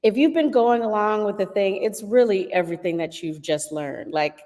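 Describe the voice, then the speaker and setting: A woman's voice: medium pitch, moderate pace, mellow, in a large hall. A woman in her thirties, a guest in a casual interview, chatty with frequent laughs and fillers.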